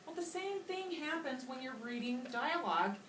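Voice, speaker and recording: A woman's voice: sits high, animated, moderate pace. Woman teacher in an echoey classroom. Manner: patient, explanatory, models voices for children. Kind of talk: classroom reading lesson. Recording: echoey classroom from far off with loud noise.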